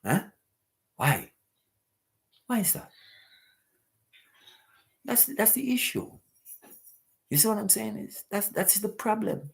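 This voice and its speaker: A man's voice: sits high, big pitch swings, slow pace, gravelly, long pauses, husky. A man hosting a live talk stream, preaching emphatically and repeating rhetorical questions to his listeners.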